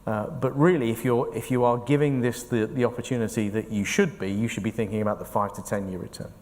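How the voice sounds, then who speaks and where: An investment fund manager answers onstage interview questions in a large conference hall, earnest and explanatory, thinking aloud as he goes. His mid-range voice is steady, a little mellow, and quick-paced, with echoey hall reverb.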